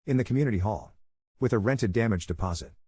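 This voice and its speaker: A man reads a first-person story aloud in a dry, wry way. His voice sits a little low. The recording is dry and close, with no room sound. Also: fast talker, darkish tone, slightly rough, no room sound. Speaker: narrator. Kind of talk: scripted story narration.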